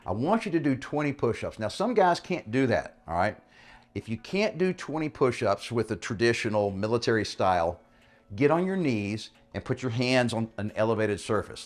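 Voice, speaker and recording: A man's voice: fairly low pitch, sing-song, normal speed. A man coaching a bodyweight workout, explaining in a casual, encouraging way and often checking in with "all right?". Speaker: fitness coach. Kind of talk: workout instruction.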